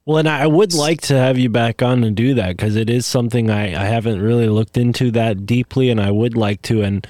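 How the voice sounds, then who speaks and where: A man's voice: medium pitch, fairly even intonation, fairly quick, few pauses, darkish tone, no echo, studio quality. A man hosting a podcast, chatting casually and rambling through tangents with many asides. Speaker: podcast host. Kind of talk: casual conversation.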